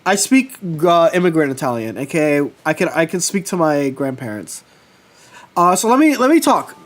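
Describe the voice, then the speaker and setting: A man chatting casually with his livestream viewers, telling personal stories with lively swearing. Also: on the high side, normal speed. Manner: animated storytelling, swears casually. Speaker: streamer.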